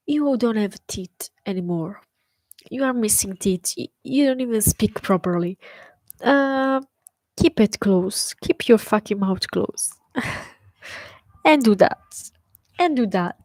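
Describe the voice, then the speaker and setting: A young woman hosts her own podcast from her bedroom. She delivers a slow, scornful rant, swearing freely and repeating lines for emphasis. Her voice sits fairly high, and the sound is dry. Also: expressive, darkish tone, no room sound, rough recording. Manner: blunt, profane and scornful, with emphatic repetition. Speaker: podcast host. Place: bedroom with an open window.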